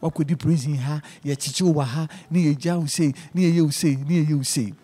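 A man's voice: fairly high pitch, fairly even intonation, fast, warm tone, slightly rough. A man with a Ghanaian accent hosting an interview, giving advice and moral lessons before questioning his guest. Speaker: talk show host.

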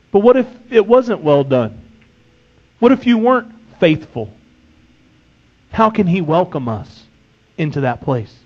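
A man's voice: sits high, very animated, moderate pace, a little mellow, muffled recording. A man preaching a sermon, emphatic, reading scripture and acting out a servant's complaints.

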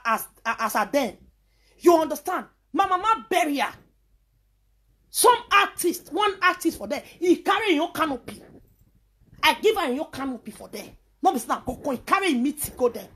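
A woman's voice: high voice, fairly bright tone. A woman from Nigeria with a Nigerian Pidgin English accent, delivering a heated, scolding rant full of repetitions. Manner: heated, scolding, repeats herself. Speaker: social media personality. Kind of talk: angry ranting monologue.

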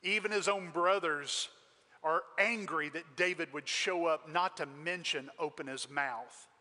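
A male pastor preaches with emphatic storytelling, his voice high-pitched and bright. A long reverb from the sanctuary trails every phrase. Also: measured pace. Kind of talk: sermon.

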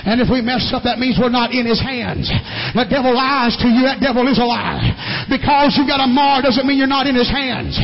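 High-voiced preacher guy, gravelly, shouting in a big echoey church, muffled recording. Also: brisk, few pauses. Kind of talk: holiness sermon.

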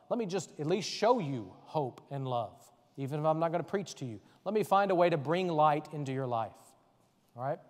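A man's voice: on the high side, darkish tone, long reverb tail. A man serving as a deacon, teaching a faith formation class in an earnest, conversational way and often checking in with his listeners.

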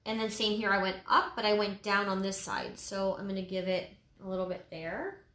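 A painting instructor explains each stroke of a project in a casual step-by-step tutorial, relaxed and chatty with lots of "um" and "like." Her medium-pitched voice moves at a normal speed and carries a noticeable room echo.

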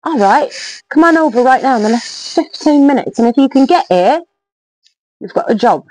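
A woman's voice: high voice, expressive, moderate pace, a little mellow, pitched above the performer's own voice, rough recording. A woman voicing a curt, businesslike London pub landlady with a British accent. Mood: brisk.

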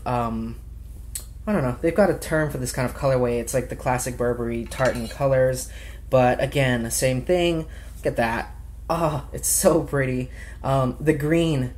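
A man's voice: mid-range voice, a little mellow. A young man casually showing off a watch and accessories in a vlog, chatty and gushing, with many fillers. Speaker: watch vlogger. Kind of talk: casual show-and-tell vlog.

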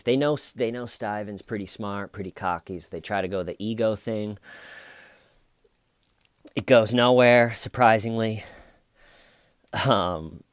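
A man's voice: on the low side, slow pace, pauses often, clear, resonant tone, no room sound, studio quality. A man casually commenting on a true crime case in a chatty, sarcastic, rambling way.

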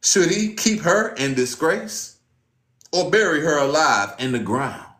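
A man giving an informal sermon, reading scripture aloud and talking in a casual, slangy way, swinging from loud exclamations to low muttering. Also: lively intonation, a little slow, reverberant. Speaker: preacher.

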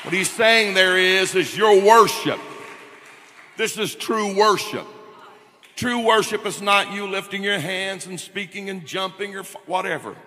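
Bright-voiced preacher in a ringing hall. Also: male voice, high-pitched, a little slow, some chatter behind. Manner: emphatic preaching, swelling to shouts. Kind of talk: Pentecostal sermon. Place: church sanctuary. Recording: long church reverb.

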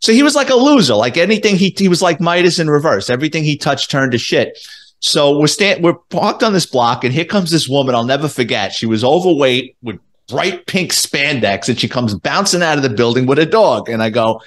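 A middle-aged man, a former police officer telling a story in a casual interview, animated and profane, acting out the dialogue. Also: fairly high pitch, brisk. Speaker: former police detective, guest.

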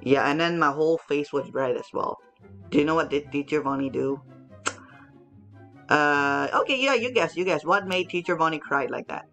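A young woman teaching children English with a Hong Kong accent, her pitch sitting on the lower side yet swinging widely as she teases and quizzes her viewers. She chats casually, repeats herself, and keeps asking questions. Faint music plays behind her. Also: fairly bright tone.

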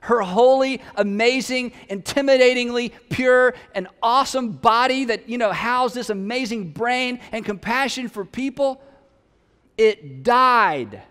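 A man's voice: very high voice, unhurried, fairly bright tone, clear, resonant tone, in a large hall. A man preaching a sermon in a conversational, humorous way, with emphatic peaks. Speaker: pastor.

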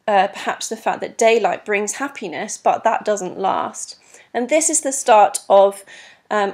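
Female teacher voice, mid-pitched, patient and clear, explaining step by step. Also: a little mellow. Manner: clear, patient, many ums, stresses rhythm aloud. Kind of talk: recorded exam lesson explaining poetry.

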